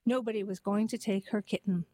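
In a gentle, even storytelling manner, a woman narrates a heartwarming story and then reads a poem aloud. Her medium-pitched voice moves fairly quickly; there's no room sound, though the recording is rough.

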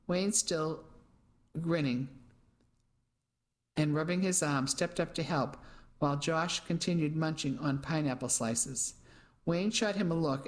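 An audiobook narrator reading a first-person mystery novel in a steady, even storytelling manner. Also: medium pitch, rough recording.

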